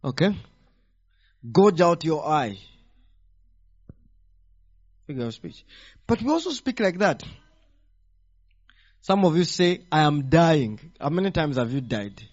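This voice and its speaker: A man preaching a teaching sermon, animated and firing rhetorical questions at the congregation. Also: on the high side, slow, pauses often. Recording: dull lo-fi sound.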